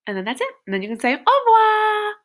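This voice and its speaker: A woman teaching a beginner French lesson, slowly modeling each example phrase. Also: medium pitch, huge pitch swings, fairly bright tone. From United States.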